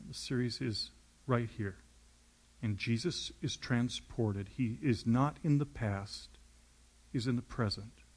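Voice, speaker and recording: A man preaching a sermon, retelling the scene as vivid storytelling and acting it out. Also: medium pitch.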